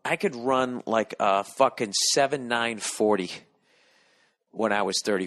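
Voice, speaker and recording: A man's voice: mid-range voice, unhurried, a bit bright. A man in his forties hosting a solo podcast from home, rambling and ranting in a profane, sardonic way. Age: 40s. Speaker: podcast host. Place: lying down at home.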